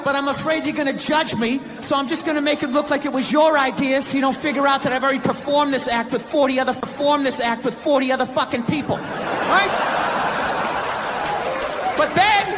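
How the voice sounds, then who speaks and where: A man rants through a stand-up set in a voice pitched very high for a man, sarcastic and profane. A live audience laughs loudly around him, and the room is noisy. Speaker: stand-up comedian. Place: comedy stage before a live audience. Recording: live show with loud crowd laughter and room noise.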